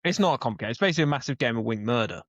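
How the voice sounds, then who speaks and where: A man's voice: mid-range voice, animated, very fast, dry recording. Jokey man, dull podcast mic. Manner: laughing, jokey banter. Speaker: podcast co-host. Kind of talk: casual chat.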